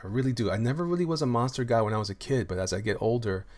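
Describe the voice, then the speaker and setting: Racing along in a mid-range, darkish voice, a man who makes comics rambles through a laid-back livestream. He restarts constantly and fills gaps with filler words, staying loose and friendly as he displays his artwork and answers viewer comments.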